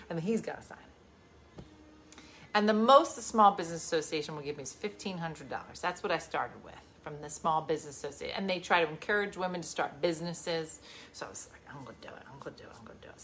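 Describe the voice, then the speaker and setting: A woman in her forties hosting a livestream, telling stories in a casual chat and swinging from loud bursts to hushed asides. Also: low-pitched, a little hiss or hum. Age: 40s. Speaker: livestream host.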